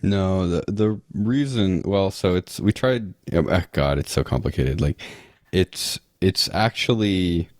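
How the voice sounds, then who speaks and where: A man with an extremely low, deep voice chats as a guest on a podcast. He rambles through thoughts with lots of "like" and restarts, and drops the odd dry sarcastic aside. The sound is close and dry, with no room echo. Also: measured pace. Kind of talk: casual interview chat.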